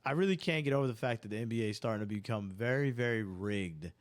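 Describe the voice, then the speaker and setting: Profane, ranting sports podcast host. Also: male voice, on the low side, animated, fast talker. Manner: rambling, self-interrupting. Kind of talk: unscripted sports banter.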